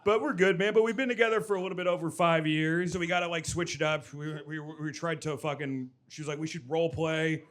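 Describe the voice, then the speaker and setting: A man performing a stand-up comedy set on a club stage, telling energetic stories with loud shouted impressions and quick asides. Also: fairly high pitch.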